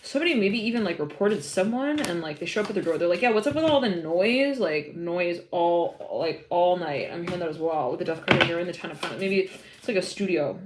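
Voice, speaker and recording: A woman's voice: on the low side, fast, background noise. A woman doing a live tarot reading, chatty and giggly and rambling with many fillers. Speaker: tarot reader.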